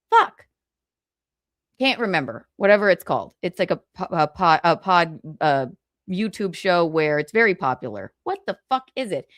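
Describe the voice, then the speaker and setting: A woman's voice: fairly low pitch, no room sound, studio quality. A young adult woman hosting a casual livestream, chatting and giggling, swearing freely while she reads comments. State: tearful, choked up. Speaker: livestream host.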